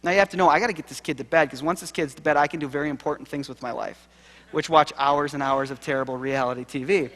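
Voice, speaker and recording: Male keynote speaker, seminary professor, slightly higher voice, wry self-deprecating storyteller, long hall reverb. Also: fast. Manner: animated, self-deprecating humor.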